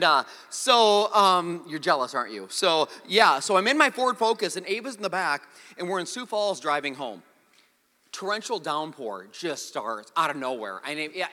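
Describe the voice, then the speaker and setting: A man preaching a sermon, telling a story with jokes and an animated delivery. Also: on the high side. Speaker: pastor. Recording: long hall reverb.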